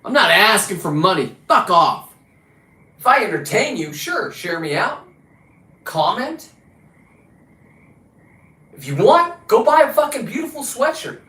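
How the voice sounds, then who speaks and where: A man hosting a livestream, ranting casually and combatively with a lot of swearing, his pitch and volume jumping around. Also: big pitch swings, measured pace, pauses often, bright, forceful tone, roomy sound, poor audio. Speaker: livestream host. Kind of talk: casual profane rant.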